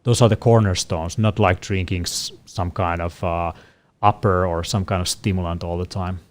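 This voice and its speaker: A man co-hosting a casual Q&A, explaining things in a measured way with frequent fillers. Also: deep voice, steady tone. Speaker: co-host answering questions. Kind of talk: casual panel Q&A.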